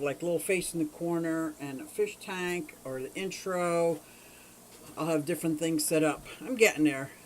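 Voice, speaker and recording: A chatty, rambling livestream host from Pennsylvania talks about fish from a room full of tanks. The voice sits at a middle pitch, and the host greets viewers by name as they arrive. A faint hiss of noise sits under the camera mic. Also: poor audio. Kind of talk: casual livestream chat. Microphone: camera mic on a short cable.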